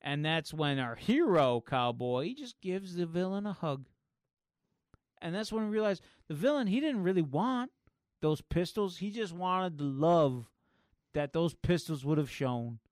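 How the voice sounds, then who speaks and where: A man in a fairly high, smooth, clear voice, chatting casually and rambling on a podcast with plenty of fillers. The sound is dry and close to the mic. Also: expressive, measured pace, no echo. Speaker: podcast cohost. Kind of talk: casual chat.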